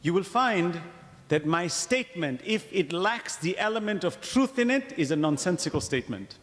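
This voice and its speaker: A man giving a religious lecture to a congregation, asking rhetorical questions and pausing for emphasis. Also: sits high, in a large hall. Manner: animated, wide-ranging delivery. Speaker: Islamic lecturer.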